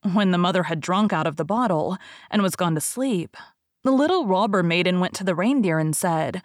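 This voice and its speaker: A woman podcast host reading a fairy tale aloud in a calm, even narration. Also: lowish voice, normal speed, no room sound, studio quality. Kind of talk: storybook reading.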